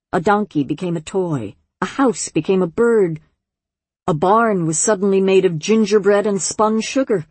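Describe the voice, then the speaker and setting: Woman audiobook narrator, low breathy voice, calm measured storytelling, dry studio sound. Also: dry recording. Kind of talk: scripted narration.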